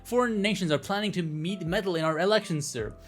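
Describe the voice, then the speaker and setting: A man's voice: high-pitched, fast, faint music behind. Man reading as a stiff, formal secret service chief. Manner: tacks a clipped "sir" onto every sentence.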